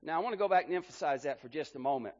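A man preaching a sermon as pastor, rising and falling sharply in loudness for emphasis. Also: a little high, expressive, rapid-fire, big-room sound, muffled recording. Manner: preaching with emphatic rises and drops in volume. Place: church hall.

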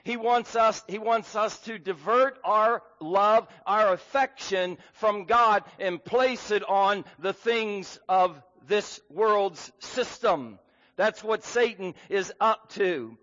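High-voiced preacher in an echoing hall. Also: male voice, takes it slowly, bright, forceful tone. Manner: earnest, emphatic preaching with fillers. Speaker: pastor. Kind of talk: sermon. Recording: dull sound with long hall reverb.

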